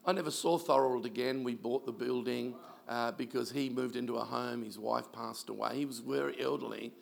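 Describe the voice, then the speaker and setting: A man's voice: medium pitch, moderate pace, creaky. A man, a pastor telling stories in a sermon and mimicking the people he quotes. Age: 60s. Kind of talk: sermon storytelling.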